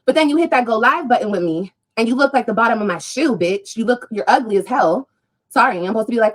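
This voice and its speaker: A woman on a livestream rants at her critics in a fairly high voice that swings widely in pitch. She is confrontational and profane and mocks her detractors as she talks straight to her viewers. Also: animated, fast, poor audio. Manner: addresses viewers directly. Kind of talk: ranting livestream monologue.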